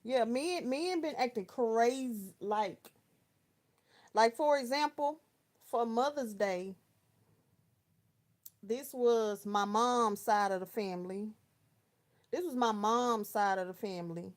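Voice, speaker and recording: Brief: woman, around thirty, from Texas, livestream host, slangy storyteller, slightly high voice. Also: takes it slowly, pauses often. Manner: chatty storytelling with slang, talking to viewers by name. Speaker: live chat host. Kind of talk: casual livestream chat, reading viewer comments.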